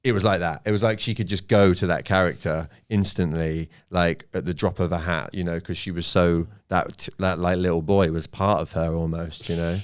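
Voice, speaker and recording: A young man with a very low, smooth voice, chatting on a podcast. He rambles through self-mocking stories in a loose, casual way. Recorded close on a studio microphone. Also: steady tone, normal speed, few pauses. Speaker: guest comedian.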